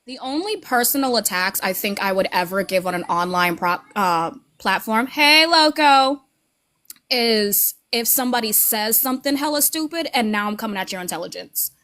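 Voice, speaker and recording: Sassy high-voiced woman panelist. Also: lively intonation, normal speed, bright, forceful tone. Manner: sassy, playful, candid. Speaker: panel guest. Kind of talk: casual panel chat.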